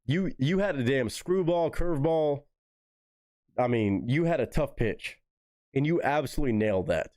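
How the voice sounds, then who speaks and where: In a warm, mid-range voice with lively intonation and a moderate pace, a male streamer gives casual, profanity-laced reactions to a song and addresses his chat. The audio is clean and studio-like, without echo.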